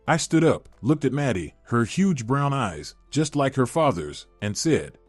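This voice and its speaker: A man narrating a scripted first-person drama story in an expressive, dramatic way. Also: mid-range voice, unhurried, hardly any pauses, no echo, faint music behind.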